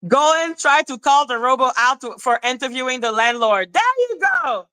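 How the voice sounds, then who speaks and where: A woman's voice: high voice, sing-song, moderate pace, pushed and bright, clear, resonant tone, dry recording, poor audio. A woman live-streaming a heated, profane rant, scornful and mocking. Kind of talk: heated ranting commentary.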